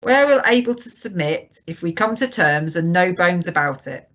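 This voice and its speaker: Woman reader for a cheery pirate captain, storybook read-aloud, loud and wheedling, bright tone. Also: on the low side, lively intonation, moderate pace, muffled recording. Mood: hearty. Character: cheery sly one-legged male pirate chief. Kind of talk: audiobook character reading.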